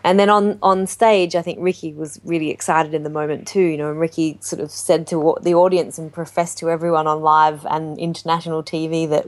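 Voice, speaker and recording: Woman, deep for a woman, casual interview chat, animated. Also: brisk, hardly any pauses. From Australia. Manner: animated storytelling with acted-out quotes. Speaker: jazz singer guest.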